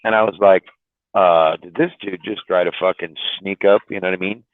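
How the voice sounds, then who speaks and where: A man's voice: steady tone, a little fast, no echo. A man, a truck driver, telling a story in casual chat, swearing and repeating words as he goes. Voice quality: deep, drawling, repeats words while telling. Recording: dry tinny phone-like line.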